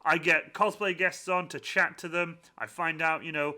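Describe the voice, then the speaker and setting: A man hosting a casual livestream Q and A, excitable and gushing, quick to laugh. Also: fairly high pitch. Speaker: livestream host.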